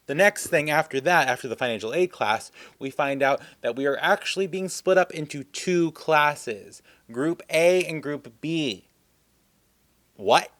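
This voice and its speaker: A man's voice: on the high side, no room sound. A young man telling a casual storytime vlog, rambling and self-mocking, full of filler words. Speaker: vlogger.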